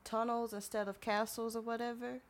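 A woman's voice: a little high, level tone, brisk. A woman co-hosting a casual podcast, chiming in briefly about movies. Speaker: podcast co-host.

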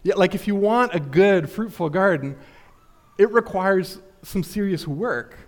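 Young male pastor, easygoing pulpit talker, pitched a touch high, peppers the sermon with "like" and "right?". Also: expressive, unhurried. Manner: casual, filler-heavy, asks rhetorical questions. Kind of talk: conversational sermon.

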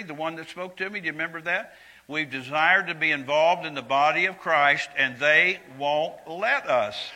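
A preacher in his seventies, speaking in a sermon with a fairly high, very bright and piercing voice. He talks earnestly and conversationally, sinking to quiet, confiding asides before rising to loud, emphatic lines, in a church. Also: low-quality recording. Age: 70s.

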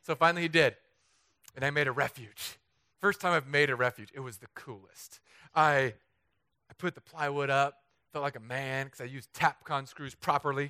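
A man from Southern California preaching a humorous storytelling sermon, animated and self-mocking, acting out the voices he quotes. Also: mid-range voice, moderate pace, dry recording. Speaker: pastor.

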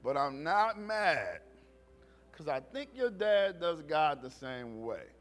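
High, lively preacher man. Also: slow pace, faint music behind. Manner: folksy, talks back and forth with the congregation; jokes and raises his voice when telling funny stories. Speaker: pastor. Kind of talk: conversational sermon. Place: church service.

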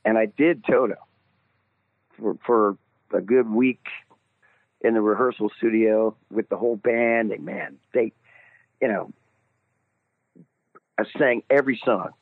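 A man, a singer being interviewed, telling an animated story and laughing at himself. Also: fairly low pitch, measured pace, creaky, long pauses, dry recording. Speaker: guest singer. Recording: tinny phone line.

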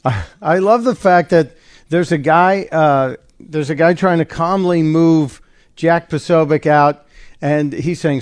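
Male radio host, slightly high voice, dry studio sound, sarcastic and opinionated running commentary. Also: a little slow, dry recording. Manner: animated, sarcastic, opinionated, narrating a clip as it plays. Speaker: radio talk show host. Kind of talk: live talk radio commentary.

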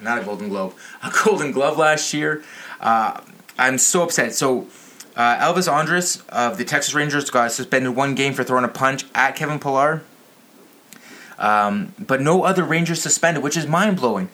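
A man's voice: mid-range voice, a bit bright. A man ranting about sports to his channel's viewers, outraged, profane and a little tipsy.

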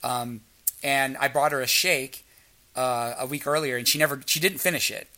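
Man, casual storyteller, bright tone, plays out each quoted line. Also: mid-range voice, steady tone, normal speed. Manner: storytelling, acts out quoted dialogue. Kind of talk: frank casual chat.

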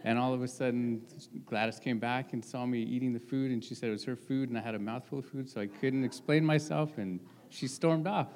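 Male church volunteer, easygoing and a bit sheepish, mid-pitched voice. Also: steady tone, a little fast, hardly any pauses, darkish tone. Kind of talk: casual storytelling on stage. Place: church stage.

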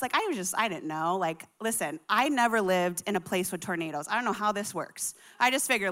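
A woman in her thirties from Colorado spins a comic personal story with animated, chatty energy. Her voice is high and bright, with a sharp, lively edge. She acts out every quoted line along the way. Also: a little fast, few pauses. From Colorado, USA.

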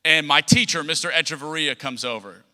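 A young man preaching a sermon in a church, telling humorous personal stories in an animated way. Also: a little high, a little fast. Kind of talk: storytelling sermon. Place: church sanctuary. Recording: long church hall reverb.

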